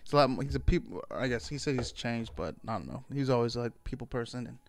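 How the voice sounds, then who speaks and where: A man's voice: mid-range voice, animated, quick pace, dry recording. A man hosting his own podcast in a loose, rambling chat, full of fillers and casual swearing. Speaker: solo podcast host.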